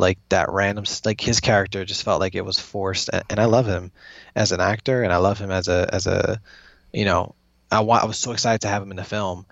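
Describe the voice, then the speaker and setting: A man with a fairly low voice talks through his opinions in a rambling way, often restarting his sentences. The recording is dry and slightly dull, as from a modest close mic. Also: creaky, a bit bright, no echo. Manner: rambling, many restarts and fillers. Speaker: podcast co-host. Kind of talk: casual chat.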